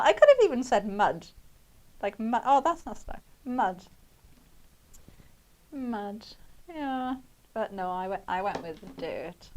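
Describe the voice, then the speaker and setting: A woman's voice: medium pitch, darkish tone. A young woman presenting a live craft demonstration on shopping TV. She talks in a chatty, rambling way and laughs often.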